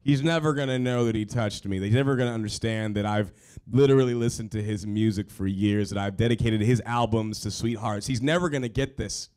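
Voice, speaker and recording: A man in his thirties telling an emotional personal story on stage at a live storytelling show, self-mocking, with excited bursts. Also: lowish voice, fairly quick, smooth.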